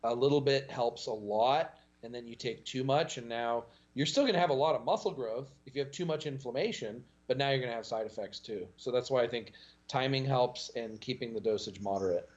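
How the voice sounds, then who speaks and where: A man talking as a podcast guest, in a casual, animated storytelling way. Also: brisk, dull audio. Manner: animated storytelling with pitch jumps and laughs.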